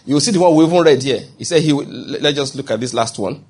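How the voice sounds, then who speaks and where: A man preaching a sermon as pastor, animated, acting out quoted voices and checking in with the congregation. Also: medium pitch, fast talker, breathy edge.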